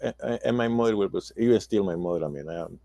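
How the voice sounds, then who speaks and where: A man in his sixties, a native Spanish speaker talking in halting English with many restarts in a casual roundtable discussion. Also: on the low side, vocal fry, dark tone, no room sound. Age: 60s. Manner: halting, repeats words, non-native phrasing. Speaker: roundtable guest.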